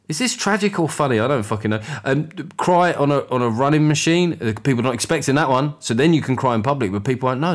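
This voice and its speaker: Sweary, rambling middle-aged podcast host. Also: male voice, mid-range voice. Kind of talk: casual monologue.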